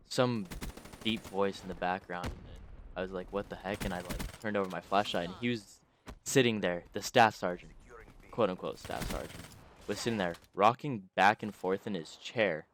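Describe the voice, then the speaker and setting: A man's voice: low voice, a little hiss or hum. A man casually telling a personal story, rambling with many fillers and restarts.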